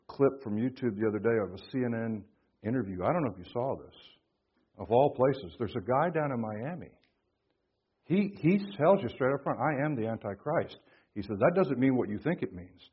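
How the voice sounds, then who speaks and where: A man preaching a sermon at a conference, swinging from hushed tones to booming emphasis. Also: slightly rough, muffled recording. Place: conference hall.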